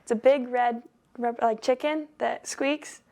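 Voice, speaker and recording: Young female athlete interviewee, gravelly and a touch high, easygoing with short replies. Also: a little slow. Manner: relaxed, laughs often, short answers. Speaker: college softball player. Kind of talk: casual interview answers.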